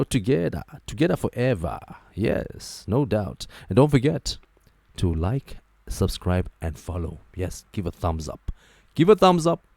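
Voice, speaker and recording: A man hosting a talk show, giving joking, animated commentary and repeating his phrases for emphasis. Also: low-pitched, gravelly, dry recording. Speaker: host. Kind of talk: casual commentary monologue.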